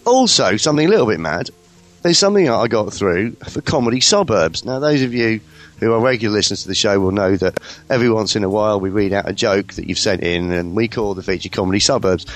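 Lively, rambling British podcast host. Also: male voice, on the low side, quick pace. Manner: rambling, cheeky banter. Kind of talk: casual comedy chat.

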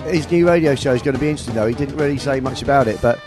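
A man's voice: medium pitch, racing, music in the background. A man hosting an internet radio show, chatting and joking in a self-mocking way. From Scunthorpe, England. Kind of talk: casual chat on a radio show.

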